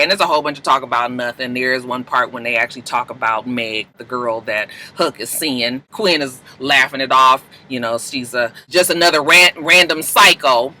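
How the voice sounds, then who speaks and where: A man recapping TV episodes in a casual vlog, telling the story in an animated, profane way and acting out the dialogue. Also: medium pitch.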